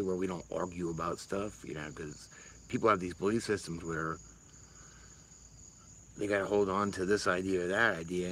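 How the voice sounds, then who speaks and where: A man's voice: sits low, a bit bright, a little hiss or hum, poor audio. A man, rambling casually and swearing freely on a livestream while answering chat. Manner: rambling, profane, laid-back.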